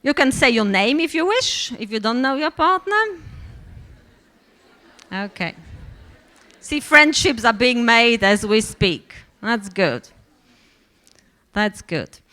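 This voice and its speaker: A woman's voice: a little high, animated, slow, long pauses, bright, forceful tone. A woman leading a teacher training workshop, speaking with many fillers and restarts. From Poland. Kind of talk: workshop presentation.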